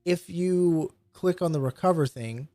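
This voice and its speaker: A man's voice: fairly high pitch, a little slow, dark tone, no room sound. A man running a tabletop game, patiently explaining rules and narrating scenes with loose fillers. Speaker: game master.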